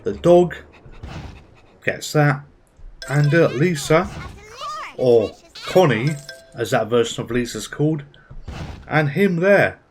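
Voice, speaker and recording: A man's voice: on the high side, animated, takes it slowly, pauses often, a little hiss or hum. A man giving casual, chatty commentary as he plays a game at his PC, thinking aloud with little asides. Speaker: gaming channel host.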